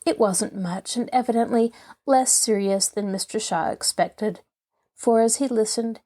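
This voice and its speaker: A woman host reading a classic novel aloud in a measured, expressive manner. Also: fairly high pitch. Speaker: host and audiobook narrator. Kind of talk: scripted narration.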